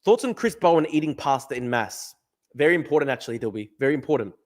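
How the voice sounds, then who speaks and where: A man's voice: medium pitch, animated, quick pace. A man, ranting in livestream commentary, swearing and repeating his points. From Australia. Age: 20s. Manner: ranting, profane, repeats himself. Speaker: streamer.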